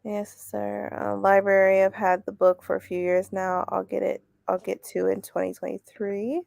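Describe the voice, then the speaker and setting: A woman's voice: medium pitch, flat delivery, normal speed, creaky, darkish tone, no room sound. A woman, hosting a casual livestream chat, laughing often and reading comments aloud. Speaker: host.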